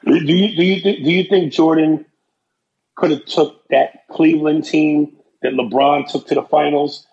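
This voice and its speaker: A man's voice: a little high, steady tone, measured pace, darkish tone, lo-fi sound, slight background noise. A man hosting a casual podcast, ranting brashly and profanely about sports and comedy. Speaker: podcast host.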